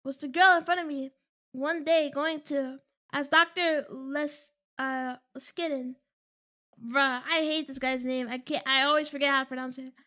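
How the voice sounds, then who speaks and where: A woman's voice: sits high, steady tone, moderate pace, bright, forceful tone. A young woman streaming a game, joking dramatically and reading its text aloud in a casual chat.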